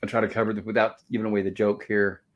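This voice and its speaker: A man's voice: on the low side, little pitch movement, rapid-fire, highs cut off. A man hosting a casual review show from home, retelling a TV episode in a loose, rambling way, often chuckling and repeating "and of course.". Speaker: host recapping a TV episode.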